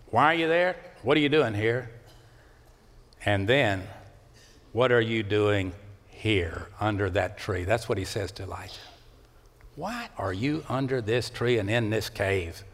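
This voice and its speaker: A man preaching a sermon in a church, swinging between loud rising calls and low hushed lines. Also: unhurried. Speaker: pastor. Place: church sanctuary. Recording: long hall reverb.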